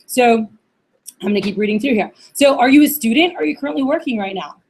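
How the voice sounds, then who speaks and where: A young woman leads a receptionist workshop in a loose, chatty way, full of "like" and "uh," and acts out both sides of phone calls. Her voice sits a little high. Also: lively intonation, quick pace, a little mellow, slightly rough. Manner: casual, chatty, many fillers like "like" and "uh". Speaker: receptionist trainer. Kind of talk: workshop training talk with role-played phone calls.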